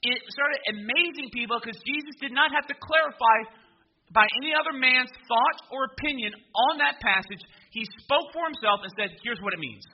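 A man preaching a sermon as pastor, talking conversationally and rising to loud, emphatic stretches. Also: very high-pitched, normal speed, dull audio.

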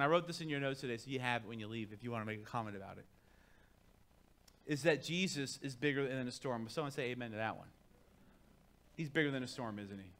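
A man preaching a sermon in a high, bright voice. He is emphatic and speaks directly to the congregation, moving between hushed, conversational asides and loud declarations. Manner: conversational, talks straight to the congregation. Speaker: pastor.

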